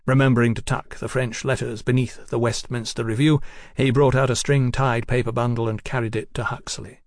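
A man reading a novel aloud at a steady, measured pace, his voice in the middle of the male range. The recording is close and completely dry, with no room sound. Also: mid-range voice, dry recording. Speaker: audiobook narrator. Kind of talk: scripted narration.

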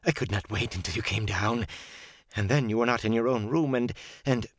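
A man's voice: mid-range voice, moderate pace, dry recording, pitched above the performer's own voice, close to an everyday voice. A man voicing an eager, flustered middle-aged male innkeeper in an audiobook, breathless and stammering.

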